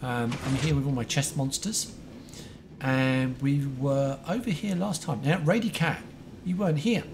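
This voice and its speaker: An excitable, chatty man livestreaming a game, greeting viewers by name. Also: mid-range voice, unhurried, noisy background. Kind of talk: casual live-stream chat. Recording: faint music behind.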